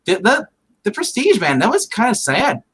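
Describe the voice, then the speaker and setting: A man's voice: sits high, wildly swooping pitch, moderate pace, crowd noise. Laid-back joking guy on a stream. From Ohio. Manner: laid-back, joking, says "man" and "dude" often. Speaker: guest on a live stream. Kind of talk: casual chat.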